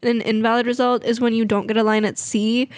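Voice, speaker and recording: A woman's voice: a little high, level tone, fast talker. A young woman vlogging in a chatty, rambling, self-mocking way. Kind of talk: casual vlog chat.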